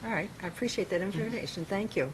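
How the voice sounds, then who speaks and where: A woman mayor chairing a city council meeting, plain-spoken and halting, with frequent fillers. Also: mid-range voice, noisy background.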